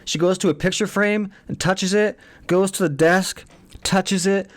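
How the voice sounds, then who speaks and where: A man's voice: sits high, fairly even intonation, unhurried. A man in his thirties giving a casual spoken movie review, blunt and exasperated, swearing often and asking rhetorical questions.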